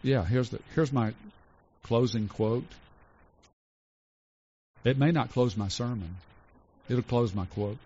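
A man's voice: medium pitch, husky. Earnest preaching man, dull lo-fi recording. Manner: earnest, slows to stress lists, drops soft for tender points. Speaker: pastor. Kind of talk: sermon.

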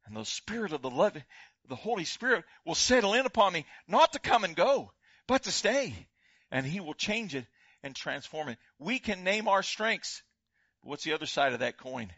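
Bright-voiced older male pastor preaching. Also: sits high, sing-song, normal speed, dry recording, muffled recording. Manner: impassioned, swings from loud exclamations to hushed prayer. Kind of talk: sermon.

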